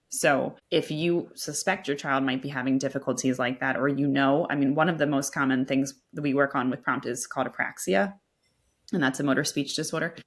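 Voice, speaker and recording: A woman speech-language pathologist, a podcast guest, explaining her methods at length and restarting sentences with repeated words. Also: low-pitched. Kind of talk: expert explaining in a podcast interview.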